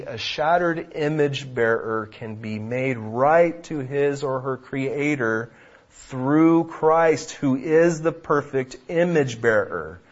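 Slow, emphatic male preacher. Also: medium pitch. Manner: emphatic, swings from loud to hushed. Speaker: pastor. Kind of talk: sermon. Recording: dull lo-fi recording.

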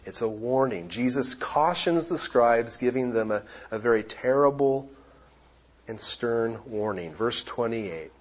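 A man preaching a sermon as pastor, explaining scripture in a measured way and breaking into loud exclamations. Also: mid-range voice, muffled recording. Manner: animated, shifting from quiet explanation to loud exclamations.

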